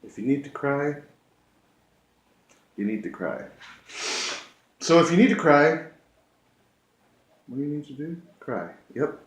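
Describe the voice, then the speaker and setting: Guy talking slow and earnest to camera, repeats stuff, echoey room. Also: a little high, lively intonation. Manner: slow, earnest, with emphatic repetitions. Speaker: vlogger. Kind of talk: reflective talk to camera.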